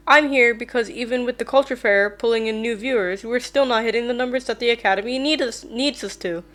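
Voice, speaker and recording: Cheery manic principal, read by a woman, showman delivery, slightly high voice. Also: brisk, fairly bright tone, natural voice. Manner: theatrical, showman-like announcing. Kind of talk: reading game dialogue aloud.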